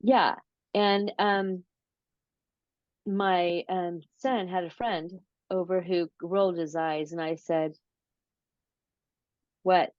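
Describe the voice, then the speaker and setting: A woman being interviewed, telling a long story slowly and casually, with many fillers and restarts. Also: fairly low pitch, fairly even intonation, no room sound. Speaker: interview guest, paranormal researcher. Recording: dull lo-fi audio.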